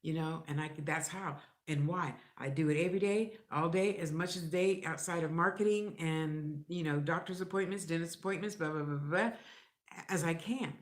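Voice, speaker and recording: A woman's voice: low voice, brisk. A middle-aged woman talking straight to camera in a blunt, rambling way, cursing freely and acting out other people's lines. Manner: blunt, profane, rambling and animated. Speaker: vlogger. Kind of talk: casual vlog monologue. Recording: echoey room.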